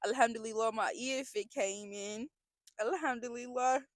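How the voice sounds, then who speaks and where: A woman's voice: a little high, normal speed, no echo. A young woman talking in a casual confessional vlog, earnest and emotional, rambling with frequent restarts. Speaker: vlogger.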